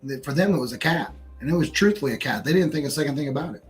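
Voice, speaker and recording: A man's voice: fairly high pitch, racing, soft background music. An American man telling a story in casual, profanity-laced pub chat. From United States. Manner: animated storyteller, swears freely.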